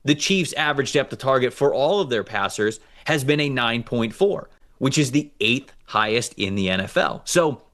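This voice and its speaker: A man co-hosting a football show, reading out player grades and stats in a casual, animated way. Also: mid-range voice, moderate pace. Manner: reads out stats, animated and joking. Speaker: co-host, football analyst. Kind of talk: casual sports analysis chat.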